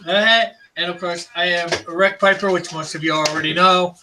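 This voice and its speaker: A man's voice: high voice, fairly even intonation, normal speed, noisy background. A man hosting a live drawing stream, chatting casually and laughing often. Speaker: host.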